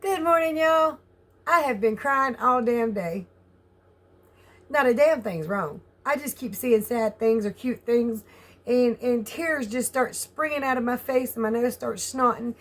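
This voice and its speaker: A woman's voice: on the high side, a little slow. A woman with a Southern US accent in a chatty, candid vlog, laughing often and swearing casually as she rambles. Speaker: vlogger.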